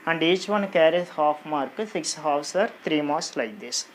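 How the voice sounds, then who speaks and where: Unhurried teacher, drills exam vocabulary by saying each word again and again and counting syllables aloud. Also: medium pitch, expressive, a little hiss or hum. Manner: repeats each word slowly, stretching syllables and counting them out. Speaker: English teacher. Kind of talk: exam-prep grammar lesson.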